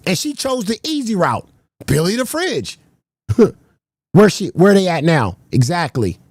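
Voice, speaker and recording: A man's voice: very high-pitched, dry recording, clean studio sound. A man hosting a stream, ranting in slangy, swearing, mocking talk. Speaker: stream host. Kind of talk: casual ranting commentary.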